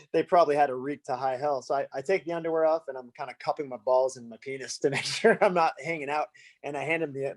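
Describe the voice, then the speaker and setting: A man from the United States, a musician guest on a podcast, telling a loose, laughing anecdote full of fillers. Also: mid-range voice. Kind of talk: casual storytelling.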